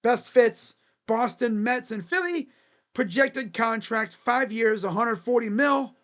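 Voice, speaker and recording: A sports channel host chatting casually on a live stream, making predictions in a jokey, rambling way with sudden shouted bits. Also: medium pitch, slow. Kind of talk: casual live-stream commentary on baseball free agents.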